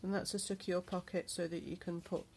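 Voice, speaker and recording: In this casual vlog, a crafter shows off her handmade travel journal, talking in a chatty, unhurried way with plenty of ums. Her voice is lowish and darkish with little pitch movement, over a faint hiss or hum.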